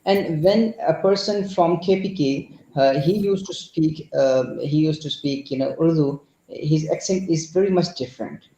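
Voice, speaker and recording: A man's voice: a little high, measured pace, few pauses, dark tone, reverberant, slight background noise, low-quality recording. A man with a Pakistani accent explaining a point in an online class, hesitant, with many fillers and restarts. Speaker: class participant.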